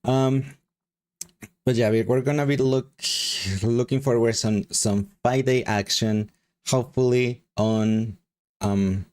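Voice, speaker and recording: A man's voice: mid-range voice, steady tone, slow, a little mellow. A man with a Mexican accent chatting casually with his live stream chat, rambling and laughing often. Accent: Mexican Spanish.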